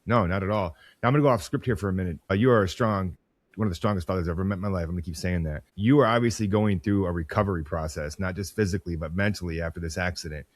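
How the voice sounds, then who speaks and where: A man's voice: low-pitched, very fast, dry recording. A man hosting a podcast, asking questions in a casual, encouraging and affirming way. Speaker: podcast host.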